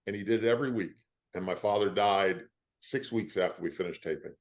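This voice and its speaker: An older man, an actor, telling stories in an interview with a lively, emotional delivery. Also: sits low, a little fast. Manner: lively storyteller, emotional at times. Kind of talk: animated anecdotes.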